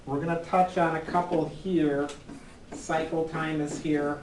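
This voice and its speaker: A man's voice: on the high side, little pitch movement, a little slow, noisy background. A man teaching a college class, lecturing with frequent ums and "right?" checks. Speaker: college accounting instructor.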